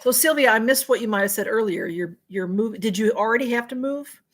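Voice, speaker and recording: A woman's voice: on the high side, fast talker. A woman hosting a casual livestream, chatting to viewers and reading their comments, often apologizing for missing what they wrote. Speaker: livestream host.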